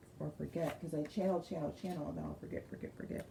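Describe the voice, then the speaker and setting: A woman's voice: deep voice, steady tone, rapid-fire, creaky, background noise. A woman giving a casual spiritual crystal card reading, chatty and digressive, reading the card text aloud with emphasis. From United States. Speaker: spiritual reader.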